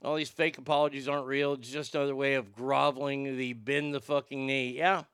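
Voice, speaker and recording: A man's voice: medium pitch, little pitch movement, a little fast, fairly bright tone, smooth, dry recording, studio quality. A man hosting a talk show, chatting casually in a blunt, sarcastic and profane way. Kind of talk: casual opinionated chat.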